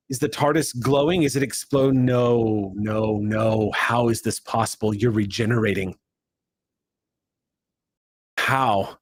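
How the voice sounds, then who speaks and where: Husky man narrating a game. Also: medium pitch, a little mellow. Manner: shifting pace, swift then drawn out. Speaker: game master. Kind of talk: dramatic second-person narration.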